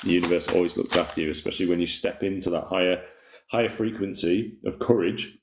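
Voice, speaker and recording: A man's voice: low voice, steady tone, fast, darkish tone. A man hosting a casual spiritual livestream, rambling in a laid-back way and reading viewer comments aloud. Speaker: livestream host. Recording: roomy echoey room.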